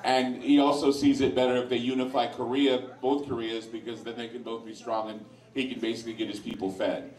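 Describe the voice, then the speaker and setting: A man's voice: medium pitch, flat delivery, brisk, few pauses, a little mellow. A man hosting an informal talk in front of a live audience at a sports lounge, speaking bluntly, with crude asides. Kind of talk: informal talk to a bar crowd. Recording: echoey room, voice far from mic.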